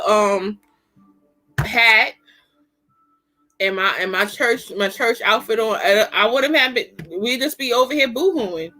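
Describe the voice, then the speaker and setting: A middle-aged woman hosting a casual livestream, talking in an animated, chatty, slangy way. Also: fairly high pitch. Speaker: livestream host. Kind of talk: casual chat.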